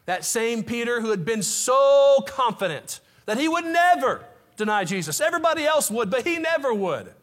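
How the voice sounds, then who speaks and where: A man's voice: extremely high pitch, sing-song, moderate pace, few pauses. A man preaching a sermon to his congregation, impassioned, with folksy asides to the room. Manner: impassioned, rising to near shouts. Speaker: pastor.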